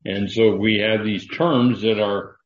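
An older man preaches in a low, unhurried voice, pausing and restarting often as he works through his point. The recording is dull and lo-fi, with the echo of a large room around him. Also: fairly even intonation. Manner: slow, halting, with many fillers and restarts. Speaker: pastor. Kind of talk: sermon.

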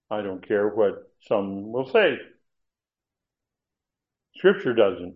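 A man's voice: lowish voice, very animated, slow, long pauses. A man teaching an expository sermon on Bible passages, emphatic and stressing key words, with asides and restarts. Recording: tinny phone-like sound.

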